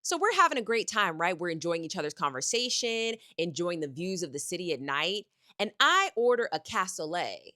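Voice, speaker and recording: Young american woman dishing a spicy storytime, super lively swoopy voice, bright and dry. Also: on the low side, normal speed, few pauses, no echo. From United States. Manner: sassy, profane, dramatic storytelling. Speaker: travel vlogger. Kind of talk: storytime vlog.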